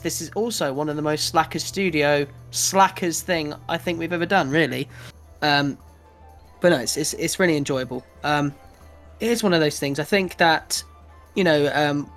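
A man's voice: fairly high pitch, fairly bright tone. A young British man co-hosting a podcast, rambling casually, swearing and laughing as he talks. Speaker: podcast co-host. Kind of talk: casual chat.

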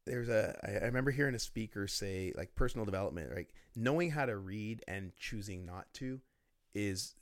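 A man talking as a guest in a casual interview, telling lively stories about business and laughing often. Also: lowish voice, no echo, studio quality. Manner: storytelling, animated, laughs often.

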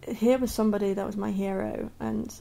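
Candid woman with a creaky voice. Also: medium pitch, fairly even intonation, a little fast. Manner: candid and earnest, many restarts and soft laughs. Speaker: podcast host. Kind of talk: personal monologue.

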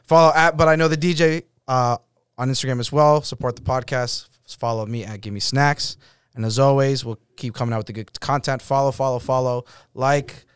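A man from Boston hosts a podcast in a casual, slangy voice full of fillers. His tone is smooth and clear. The recording is close and dry. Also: medium pitch, steady tone, moderate pace, no room sound. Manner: loose, slangy storytelling with frequent fillers. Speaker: podcast host. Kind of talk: casual interview chat.

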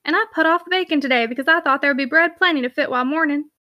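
A woman's voice: sits high, racing, bright, forceful tone. A woman voicing a blunt, complaining cook in service who talks in dialect. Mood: grumbling. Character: grumbling Yorkshire servant cook, woman.

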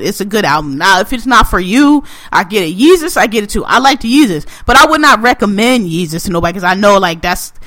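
A man co-hosting a podcast, talking in an animated, profane, ranting way. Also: high voice, no echo. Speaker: podcast co-host. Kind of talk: casual podcast chat.

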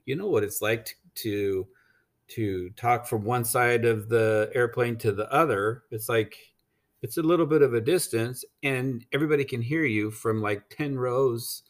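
A medium-pitched American man takes his time relating a travel story. He talks bluntly, curses without hesitation, and rambles with lots of ums.

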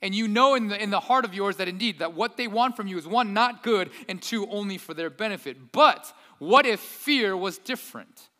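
A man preaching a sermon as pastor, swinging between loud, emphatic peaks and quiet, hushed stretches. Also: high voice, animated, normal speed, few pauses. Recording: echoey hall.

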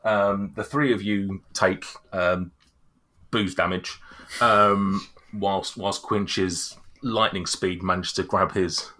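A man running a tabletop game as game master, narrating in a halting way with many restarts. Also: deep voice, steady tone, sharp tone.

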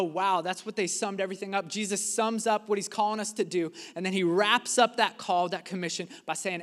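High-voiced man preaching in a hall. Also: a bit bright. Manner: earnest, emphatic preaching with dramatic pauses. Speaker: pastor. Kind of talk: sermon.

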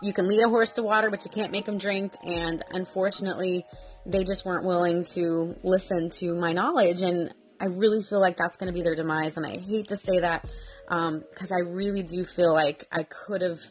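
A woman's voice: on the low side, normal speed, soft background music, low-quality recording. Chatty woman on a devotional vlog. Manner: emotional, close to tears while reading aloud; chatty, frequent fillers and restarts. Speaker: vlogger. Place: home. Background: vacuum running in another room.

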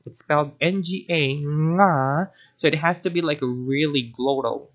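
A man's voice: a little high, moderate pace, fairly bright tone, dull audio. Man teaching, rambling explanations. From Philippines. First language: Cebuano. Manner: rambling and self-correcting, often digresses. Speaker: language teacher. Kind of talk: explanatory language lesson.

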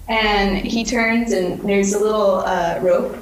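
A woman's voice: medium pitch, fairly even intonation, slow pace, slight background noise. Woman game master, echoey room. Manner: filler-heavy, descriptive. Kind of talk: narrating a tabletop game.

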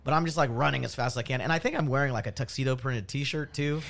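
A man who is a guest comedian on a podcast, telling a self-deprecating anecdote in an animated, casual way with bursts of laughter. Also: medium pitch, fast talker, gravelly.

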